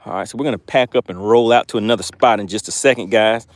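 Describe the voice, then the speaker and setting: A man hosting a fishing live stream outdoors, reading viewers' chat aloud in a playful, excitable way and laughing often. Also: lowish voice, quick pace, no echo. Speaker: fishing channel host.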